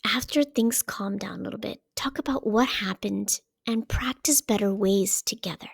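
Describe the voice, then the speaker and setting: A woman giving parenting advice as a coach, in a calm coaching delivery that keeps checking in with "okay?". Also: mid-range voice, normal speed, vocal fry, breathy edge, no echo, clean studio sound. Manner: checks in often with "okay?" and "right?". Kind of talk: explaining parenting advice to camera.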